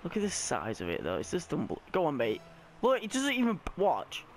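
A young man giving live, excitable commentary on his own gameplay, often shouting and squealing as his voice cracks high. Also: brisk, a little hiss or hum. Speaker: gaming YouTuber.

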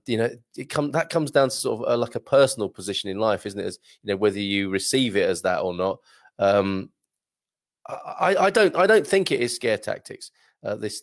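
A man hosting a casual livestream and reading viewer comments aloud, with a gravelly, creaky voice. He talks in a chatty, halting way, full of ums and easy laughter, and his throat sounds slightly strained. The recording is dry and close, with little room sound. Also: fairly low pitch, dry recording. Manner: chatty, hesitant, laughs often, many fillers. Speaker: livestream host.

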